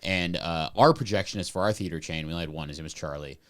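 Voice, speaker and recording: A man's voice: deep voice, fast talker, a bit bright. A young man co-hosting a podcast, telling a rambling story in a laid-back, casual way. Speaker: podcast co-host. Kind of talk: casual chat.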